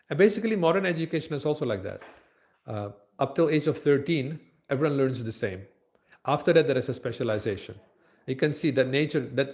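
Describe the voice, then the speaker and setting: A man giving a conversational scripture lecture at a temple, with frequent fillers and pauses. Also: medium pitch, darkish tone.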